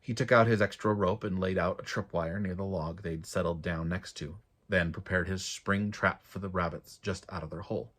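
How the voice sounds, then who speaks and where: A man, an author, reading his own fantasy novel aloud in a steady, measured way. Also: deep voice.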